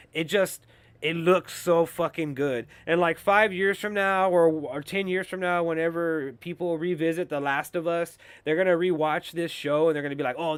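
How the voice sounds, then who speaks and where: A man hosting a casual show review, talking in a rambling, excitable way with lots of swearing and filler words. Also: on the high side, clear, resonant tone, no echo.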